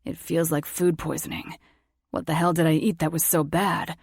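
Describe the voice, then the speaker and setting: A woman narrator puts on a sick young man in an audiobook, his voice low, weak and gruff. He mumbles short, grumbling replies with a gravelly grain, heard up close in a dry, deadened space. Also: little pitch movement, moderate pace, dry recording.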